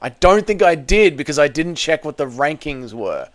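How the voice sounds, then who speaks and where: Smooth-voiced Australian man, chatty streamer. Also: on the high side, sing-song, normal speed, dry recording. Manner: rambling, jokey, swears casually. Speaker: livestream host reading chat. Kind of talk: casual live-stream chat.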